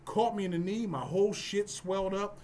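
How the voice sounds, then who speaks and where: A man hosting a casual podcast chat about martial arts, loud, profane and joking. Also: high voice, a little fast, a little hiss or hum. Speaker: podcast host.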